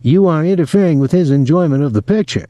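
A man's voice: on the high side, lively intonation, quick pace, mellow, no room sound, voice pushed up, close to an everyday voice. A man voicing a bold teenage boy, confident and mock-pompous. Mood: taunting.

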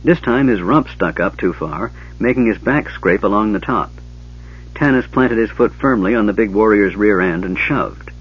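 A man narrating an audiobook in a steady storytelling manner, doing character voices. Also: lowish voice, normal speed, breathy edge, muffled recording.

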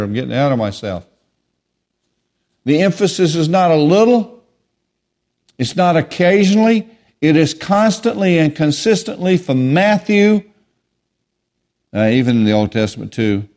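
A male preacher with a somewhat high voice delivers an emphatic, repetitive sermon. He rises to lively, loud declarations, then sinks into low, quiet asides.

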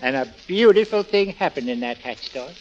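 Radio-comedy husband: man playing an earnest, wordy guy, slightly high voice, lo-fi. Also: animated, normal speed, a little mellow, slight background noise, lightly acted. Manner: earnest, flowery storytelling. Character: earnest, self-important middle-aged husband. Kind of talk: 1930s radio comedy acting. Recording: dull old radio broadcast.

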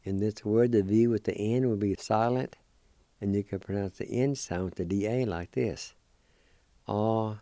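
Gravelly, dark-voiced man, slow syllable-by-syllable pronunciation teacher, dry close sound. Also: lowish voice, no echo. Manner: spells and sounds out words slowly, syllable by syllable. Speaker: language teacher and radio host.

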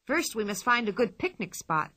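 A woman's voice: a little high, very animated, normal speed, bright, forceful tone, heavily acted. A woman voicing a wild, cheerful, boastful girl who talks playful nonsense as plain fact, in a storybook reading. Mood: cheeky.

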